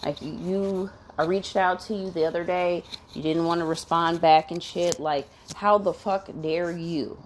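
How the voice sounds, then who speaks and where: Blunt, swearing woman venting, lowish voice. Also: steady tone, unhurried, hardly any pauses, slight background noise. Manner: blunt, swears a lot, keeps saying 'you know what I'm saying'; fired up and indignant. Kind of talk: profane venting rant.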